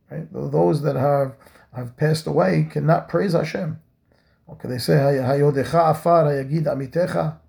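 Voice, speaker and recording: Man, rabbi, Torah lesson, very gravelly, slightly high voice, earnest, repeats phrases. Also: warm tone. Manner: mixes in Hebrew terms.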